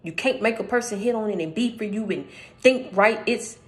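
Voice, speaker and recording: A woman's voice: medium pitch, moderate pace. Woman, channel host, casual spiritual talk; direct, emphatic, repetitive for stress. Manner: emphatic, repeats phrases for stress; conversational, addresses listener directly.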